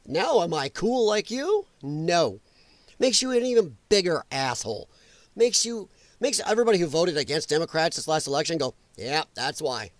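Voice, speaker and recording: A man's voice: on the high side, no room sound. A man hosting a political podcast, delivering an angry, profane rant full of mocking voices. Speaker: podcast host.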